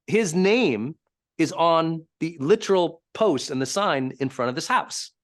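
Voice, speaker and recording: Animated man coaching with lively pitch. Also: measured pace. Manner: animated, emphatic storytelling. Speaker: high-performance coach. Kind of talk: live teaching talk.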